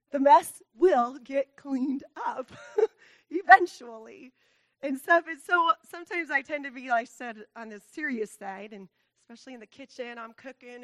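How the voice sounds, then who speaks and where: A woman's voice: sits high, bright, forceful tone, no echo. A woman giving an earnest talk to a church congregation, laughing often and growing tearful at times. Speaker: church speaker.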